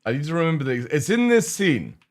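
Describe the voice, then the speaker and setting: A man's voice: on the high side, sing-song, quick pace. An English man streaming a game, chatting to his viewers in a rambling way and swearing freely. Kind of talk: casual live-stream chat.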